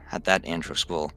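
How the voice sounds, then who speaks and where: A man narrating as game master of a tabletop game, halting and full of restarts. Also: sits low, vocal fry, sharp tone. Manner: halting, many fillers and restarts.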